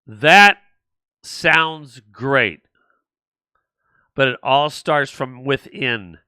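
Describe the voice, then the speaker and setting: Older male political talk host, blunt and rambling, smooth clear voice, dry close sound. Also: medium pitch, expressive, very slow, sharp tone, no echo. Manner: blunt, rambling, mocking mimicry. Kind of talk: political commentary.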